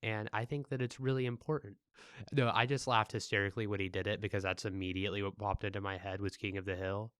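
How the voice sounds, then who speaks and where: A young man with a somewhat low, smooth voice chats on a podcast. He is laid-back and joking, sometimes crude. The recording is dry and close-miked. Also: steady tone, fast talker, a bit bright, no room sound. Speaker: podcast co-host. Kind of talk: casual chat.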